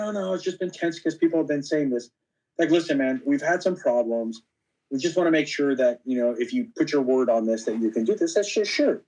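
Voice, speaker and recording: A man's voice: fairly high pitch, rough recording. A man, a guest on a podcast, telling casual anecdotes and acting out what other people said, with plenty of "you know.". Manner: animated anecdotes, acting out quoted dialogue; frequent fillers like "you know". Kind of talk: casual storytelling interview.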